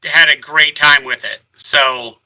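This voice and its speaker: A man with a high, strikingly bright voice chats as a podcast co-host. He is animated and laughs readily, dropping casual swears as he talks about a book. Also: slow, rough recording. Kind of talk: casual book-club chat.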